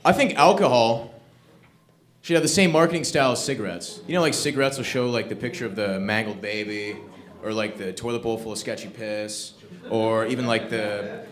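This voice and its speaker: A man's voice: fairly low pitch, fairly quick. A man doing a crude, swearing stand-up set at an open mic, ranting in punchy bursts into a stage microphone. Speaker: stand-up comedian. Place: comedy open mic venue.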